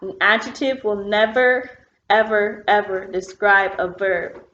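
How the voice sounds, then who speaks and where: A woman's voice: mid-range voice, unhurried, a bit bright. A woman teacher giving an online phonics lesson, explaining patiently step by step with the odd "um" while she writes on a board. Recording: roomy, dull lo-fi classroom sound.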